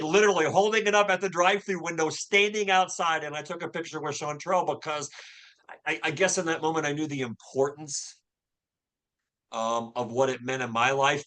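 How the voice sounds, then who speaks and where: A man's voice: fairly high pitch, pushed and bright. A man in his fifties telling a personal faith story as a podcast guest, earnest and full of restarts and fillers. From Louisville, Kentucky. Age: 50s. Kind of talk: personal storytelling in a casual interview.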